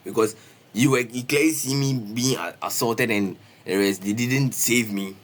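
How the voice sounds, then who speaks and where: Animated young man telling a story. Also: medium pitch, normal speed. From Ghana. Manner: animated, repetitive, peppers talk with "bro" and "Charlie". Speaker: streamer. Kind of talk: casual storytime livestream.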